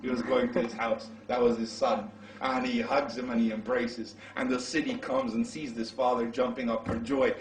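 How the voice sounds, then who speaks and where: A man preaching, telling a story dramatically and rising to shouts at the climax. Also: medium pitch, level tone, moderate pace, few pauses. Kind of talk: storytelling sermon. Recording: roomy hall, mic far off.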